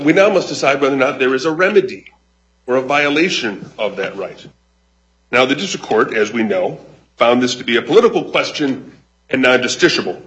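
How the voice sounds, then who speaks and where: A man giving a formal oral argument as counsel before a high court, measured and deliberate with frequent restarts. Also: a bit bright, dull audio. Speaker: attorney arguing an appeal.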